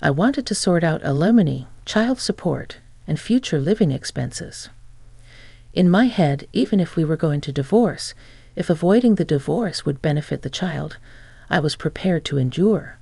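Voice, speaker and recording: A woman's voice: low-pitched, expressive, moderate pace, vocal fry, warm tone, slightly rough, no echo. Sarcastic woman narrating a revenge story. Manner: sarcastic, mocking. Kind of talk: scripted first-person story narration.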